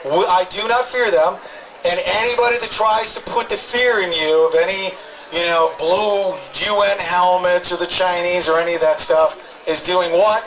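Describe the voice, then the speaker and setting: A man's voice: high-pitched, fairly even intonation, normal speed, a little hiss or hum, low-quality recording. A man hosting an open-mic address at an outdoor protest, emphatic and rambling, often adding "okay?". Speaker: talk show host interviewing protesters. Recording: loud crowd outdoors.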